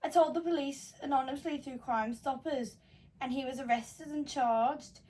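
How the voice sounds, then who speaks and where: A woman reading a confession aloud in a put-on Scouse accent, flat and slow. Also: high-pitched, recorded from a distance, close to an everyday voice. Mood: deadpan. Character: blunt Scouse-voiced confession writer, a grown man.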